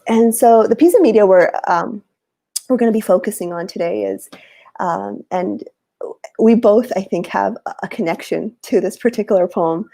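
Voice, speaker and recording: A woman's voice: medium pitch, lively intonation, moderate pace, warm tone, no echo. A woman hosting a conversation, speaking earnestly with many fillers and reading a poem with feeling over a video call. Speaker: host.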